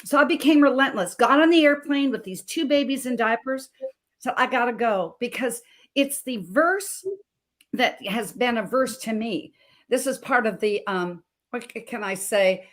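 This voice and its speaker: A middle-aged woman from Montana, a guest health coach telling her personal story with dramatic swings from hushed to emphatic. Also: fairly high pitch, moderate pace. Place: video call.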